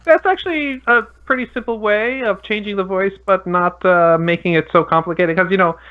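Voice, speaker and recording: A man's voice: high-pitched, a little fast, phone-quality sound. A man co-hosting a casual tech podcast, chatting loosely with many fillers. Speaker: podcast co-host.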